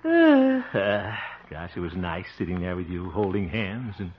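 A man's voice: low-pitched, big pitch swings, unhurried. An actor in an old radio drama playing a bashful, eager small-town man who stammers and giggles. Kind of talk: 1940s radio drama acting. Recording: dull old radio recording.

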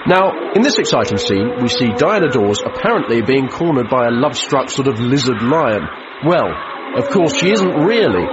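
A man as a boastful 1950s studio boss, lively delivery, muffled recording with noise behind. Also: medium pitch, lightly acted. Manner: brisk, boastful promotional patter. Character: 1950s film studio boss promoting his pictures. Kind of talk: comedy sketch, mock newsreel.

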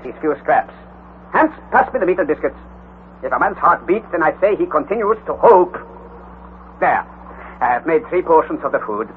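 An actor playing an older, scholarly explorer uncle, commanding and unshakably hopeful, in grand old-time radio drama style. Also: male voice, a little high. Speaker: uncle of the narrator. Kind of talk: 1940s radio acting. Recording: tinny old radio broadcast, faint hiss.

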